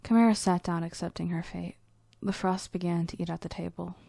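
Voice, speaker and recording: Mellow, soft-spoken woman storyteller. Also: fairly low pitch, fairly even intonation, fairly quick, gravelly, dry recording. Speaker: storyteller, narrator. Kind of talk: reading own story aloud.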